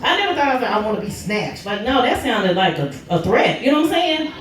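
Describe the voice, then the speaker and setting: A stand-up comedian from Oklahoma, telling animated stories about her kids. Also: fast talker. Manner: animated, jumps high in pitch for punchlines. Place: comedy club stage. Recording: echoey club from a distance.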